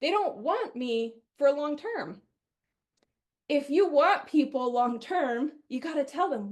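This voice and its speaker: A middle-aged woman from Wisconsin giving a chatty, energetic sales training webinar, often acting out what customers say. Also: high-pitched, takes it slowly.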